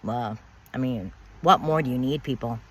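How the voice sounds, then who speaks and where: With a very deep, slightly breathy voice at a normal pace, a woman recounts her own experience of betrayal. Her monologue is bitter and emphatic, with repeated words and swearing.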